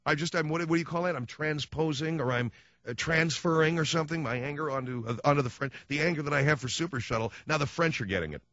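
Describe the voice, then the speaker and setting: A man's voice: on the high side, fast, a bit bright, no room sound, highs cut off. A man hosting a radio talk show, ranting sarcastically in a comic monologue.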